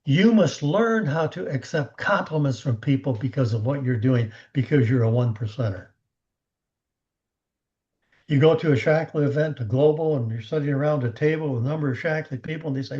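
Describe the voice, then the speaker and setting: A man giving a motivational coaching talk on a team call, animated, acting out the conversations he retells. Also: mid-range voice, moderate pace, muffled recording. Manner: animated storyteller who acts out quoted conversations.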